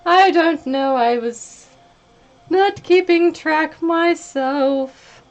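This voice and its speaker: A woman's voice: high voice, drawn-out words, muffled recording, soft background music. A woman streaming live while painting, chatting casually, laughing often and breaking into silly singing.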